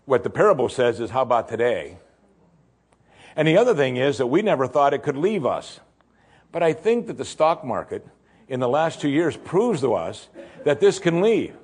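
Animated husky male preacher. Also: a little high, normal speed. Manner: animated, rhetorical questions, acts out voices. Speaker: pastor. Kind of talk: sermon.

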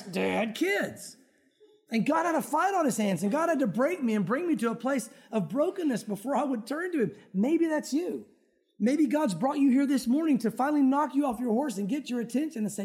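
Pastor guy with a really high voice preaching to his church, chatty, cracks little jokes. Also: a little mellow. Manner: conversational, joking asides to the congregation. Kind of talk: sermon. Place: church sanctuary.

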